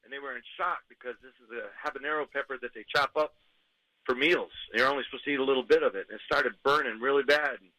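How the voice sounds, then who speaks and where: A man's voice: medium pitch, fast, pushed and bright, dry recording, rough recording. A man calling in to a radio show, telling an embarrassing story in a rambling, sheepish way. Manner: sheepish, rambling, laughs at himself. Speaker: caller.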